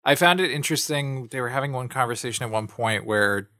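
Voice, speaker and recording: A man co-hosting a podcast who talks through a film critique in a thoughtful, analytical way, with pauses and fillers. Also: medium pitch, sharp tone, no room sound, studio quality. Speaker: podcast co-host. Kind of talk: casual film discussion.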